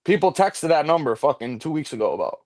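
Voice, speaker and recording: Fast, heated man ranting. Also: fairly high pitch, sing-song, a little mellow. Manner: rapid, profane ranting. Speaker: livestream host. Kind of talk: heated casual chat. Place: home computer room.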